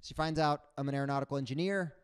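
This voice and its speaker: A man doing a stand-up comedy set on stage, animated and acting out other people's voices. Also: medium pitch, very fast, clean tone. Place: on stage before a live audience.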